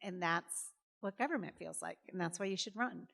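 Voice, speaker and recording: A woman in her fifties, a former governor, telling stories in a chatty, animated way on stage, full of fillers and acted-out quotes. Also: fairly low pitch, moderate pace, creaky. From Massachusetts. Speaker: guest speaker, former governor. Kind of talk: conversational storytelling on stage. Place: college event hall. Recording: reverberant hall.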